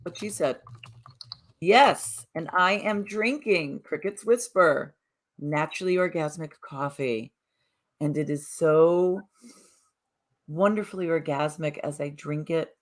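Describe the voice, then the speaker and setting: On a casual morning chat show from Southern Connecticut, a female co-host talks in a chatty, rambling, upbeat manner. Her voice sits low and she takes her time.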